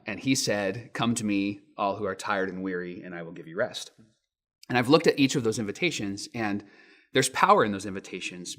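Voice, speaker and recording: A man in his thirties, a pastor giving a sermon with lively storytelling, acting out quotes in raised voices. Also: fairly low pitch.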